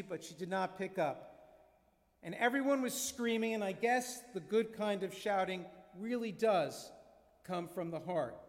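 Rabbi, fifties, high-pitched man, earnest storyteller at the pulpit, big echoing hall. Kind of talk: sermon. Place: synagogue sanctuary. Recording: long reverb of a large hall.

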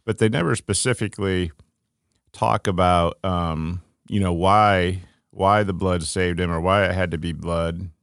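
A man co-hosting a casual faith podcast, thinking aloud with relaxed fillers and restarts. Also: low-pitched, measured pace, vocal fry, smooth, no room sound, studio quality. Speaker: podcast co-host.

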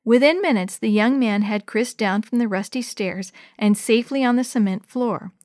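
A woman reading a chapter book aloud to children, slow and clear. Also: fairly high pitch, a little mellow, dry recording, studio quality. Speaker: children's storyteller.

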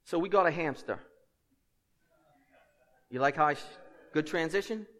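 A man preaching a sermon as pastor, a lively storyteller who drops in humorous asides and swings between loud and hushed. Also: on the high side, moderate pace, big-room sound.

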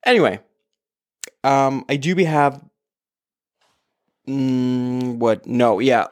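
A man's voice: mid-range voice, steady tone, slow pace. Rambling, candid man podcasting solo. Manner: candid, rambling, swears freely, many fillers. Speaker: podcast host. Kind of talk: casual solo podcast monologue. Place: home, apartment. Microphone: podcast microphone on an iPad.

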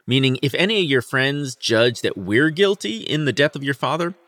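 A man's voice: medium pitch, expressive, moderate pace, few pauses, a bit bright, no echo, clean studio sound. A man co-hosting a casual podcast, switching between swearing banter and dramatic readings of old verse. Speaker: podcast co-host. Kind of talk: casual chat with read-aloud lines.

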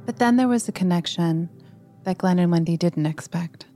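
A woman hosting a podcast, giving measured, matter-of-fact scripted narration. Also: on the low side, warm tone, faint music behind.

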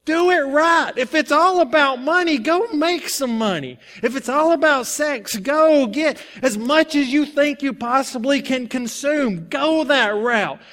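A male preacher giving a sermon, telling a personal story and then reading and explaining scripture in an animated, conversational way. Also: very high voice, unhurried, hardly any pauses.

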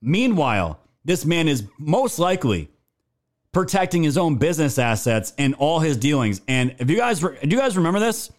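A man's voice: a little high, big pitch swings, normal speed. A man hosting a political live stream, commenting and reading viewer chat in an indignant, emphatic and sometimes profane way. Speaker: political talk show host.

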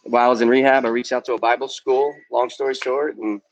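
A man's voice: mid-range voice, level tone, fast, low-quality recording. A man in his forties, a youth ministry guest, candidly sharing his personal testimony in a podcast interview. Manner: earnest, candid, peppered with "um" and "man".

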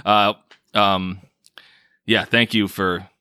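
A man's voice: lowish voice, level tone, takes it slowly, sharp tone, smooth, dry recording, studio quality. A man hosting a podcast in casual chat, laughing often and joking around. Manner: laughs a lot, loose and joking. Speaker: podcast host.

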